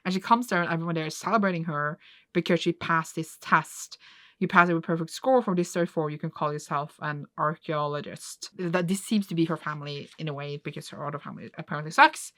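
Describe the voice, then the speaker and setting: A woman vlogger reacting casually as she reads a manga aloud, excitable and gushing, with lots of "like" fillers. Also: deep voice, a little fast, dry recording. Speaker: reading vlogger.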